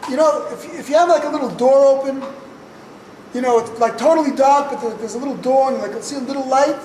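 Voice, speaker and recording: A man's voice: extremely high pitch, fast, a little mellow, a little hiss or hum. A man telling a personal story to an audience, in short punchy sentences with wry humor. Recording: echoey room picked up from a distance.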